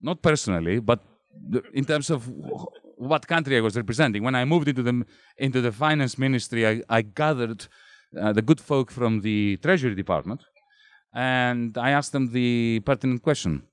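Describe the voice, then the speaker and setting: A man's voice: medium pitch, moderate pace, no room sound, clean studio sound. A middle-aged man from Greece giving a public talk at a bookstore, building his points rhetorically and with expression. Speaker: author speaking at a bookstore event. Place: bookstore event room.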